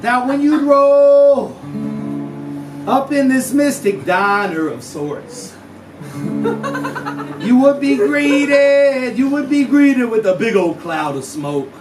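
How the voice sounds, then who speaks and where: Very high-voiced and very animated, this man talks slowly and pauses often. He's a musician drawling through a hyperbolic, slang-filled comic story at a small house show. The recording has an echoey room, a distant mic, and live guitar music.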